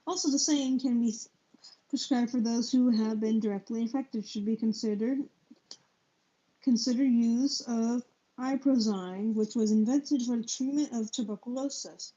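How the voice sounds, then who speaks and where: On a live stream, a young woman with a fairly high pitch and dark tone reads from a book, faltering over hard words and spelling them out as she self-corrects. The low-quality setup leaves the audio dull and lo-fi.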